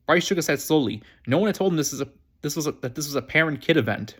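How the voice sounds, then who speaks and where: Man, read-aloud of a kids' novel, quick pace, slightly high voice, stumbles and restarts. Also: expressive, slightly rough. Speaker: reader. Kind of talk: reading a children's novel aloud.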